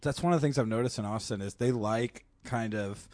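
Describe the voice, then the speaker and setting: A man's voice: medium pitch, a little fast, a little mellow, dry recording, clean studio sound. A man, a stand-up comic guest on a podcast, talking in a laid-back, casual way with lots of fillers. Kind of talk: casual chat.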